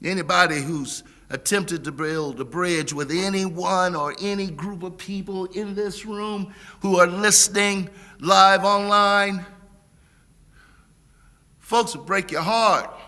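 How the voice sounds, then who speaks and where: A middle-aged man giving a sermon as guest preacher, with a preaching cadence, repeated words and a build to shouting. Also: high-pitched, takes it slowly. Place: church sanctuary. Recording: long church reverb.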